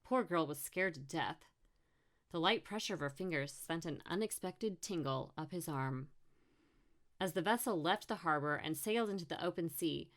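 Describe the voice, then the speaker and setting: A woman with a low, steady voice reads a short story aloud as an audiobook. She tints the dialogue with small changes for each character. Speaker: audiobook narrator. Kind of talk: audiobook narration.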